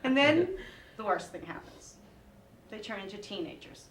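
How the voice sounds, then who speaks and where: A woman in her forties doing a stand-up comedy set, with lively delivery and sing-song voices for her kids. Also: mid-range voice, normal speed, slight background noise. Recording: echoey room, mic at a distance.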